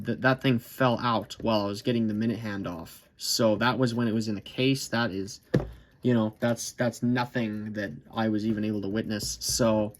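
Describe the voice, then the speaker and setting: A man's voice: mid-range voice, slight background noise. A man hosting a clock repair video, explaining his workbench fix in a casual, rambling way, often correcting himself as he thinks aloud. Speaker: clock repair channel host.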